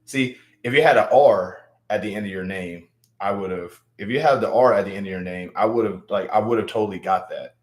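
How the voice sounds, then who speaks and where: A man's voice: on the low side, normal speed. A young man from Louisiana, hosting a casual livestream and hyping up viewers, repeating his words as he talks. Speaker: livestream host. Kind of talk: casual livestream chat reading viewer comments. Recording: roomy echo.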